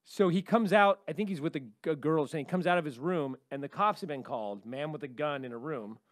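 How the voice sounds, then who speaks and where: A man co-hosting a podcast, telling stories at a quick clip and acting out the people in them. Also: a little high, dry recording, clean studio sound. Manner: fast storytelling, acts out the people in his stories. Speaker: podcast co-host. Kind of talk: casual podcast chat.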